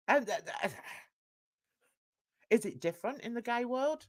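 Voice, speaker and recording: Woman ranting on a live react, slow talker, pitch going all over the place, laughs a lot. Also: lively intonation. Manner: scornful, laughing, exclamatory. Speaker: host of a live reaction stream.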